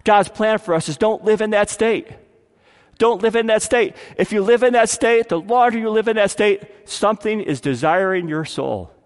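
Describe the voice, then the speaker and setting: A man preaching a sermon as pastor, acting out quotes and swinging between loud appeals and hushed lines. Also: high voice, normal speed, clear, resonant tone, big-room sound.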